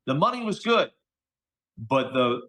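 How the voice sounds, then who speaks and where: A middle-aged man tells stories as a guest in a relaxed interview, at a pitch that is neither high nor low. He talks in an animated, chatty way and drops casual slang as he goes. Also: unhurried. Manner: animated, chatty storyteller, slangy with "dude" and "okay?". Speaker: voice actor guest.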